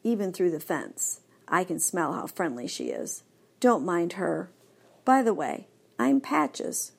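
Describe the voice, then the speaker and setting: A woman doing a gentle motherly female dog. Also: on the low side, big pitch swings, takes it slowly, vocal fry, breathy edge, full character voice. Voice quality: gentle, soft.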